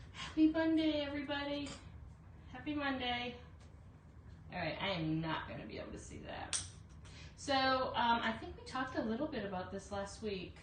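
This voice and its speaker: Woman, craft live stream host, chatty, slightly high voice, echoey room, mic at a distance. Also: a bit bright, slight background noise. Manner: chatty, greets viewers by name, many fillers. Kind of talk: casual live craft demo.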